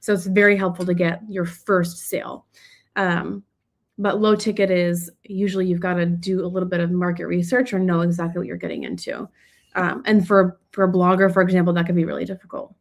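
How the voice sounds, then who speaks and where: A woman's voice: fairly low pitch, level tone, fairly quick, creaky. A woman business coach answering audience questions on a live stream, talking in a loose, conversational way with frequent restarts.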